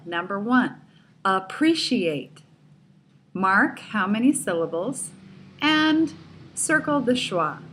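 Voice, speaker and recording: A woman teaching a recorded pronunciation lesson, reading exercises and repeating each word slowly and deliberately. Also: mid-range voice, fairly bright tone, a little hiss or hum.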